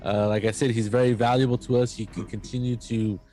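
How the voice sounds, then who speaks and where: A man narrating as game master of a tabletop role-playing game, halting and full of fillers. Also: medium pitch, flat delivery, warm tone. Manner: halting, filler-heavy narration with quick voices for NPCs.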